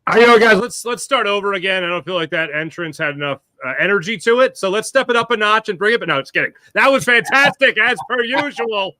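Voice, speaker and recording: A bright, high-pitched man chats as a guest on a sports talk show. He tells animated stories and acts out the voices of the people in them. The sound is close and dry. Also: fast, few pauses, no room sound. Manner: animated storyteller, acts out quotes. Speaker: guest commentator. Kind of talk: casual sports chat.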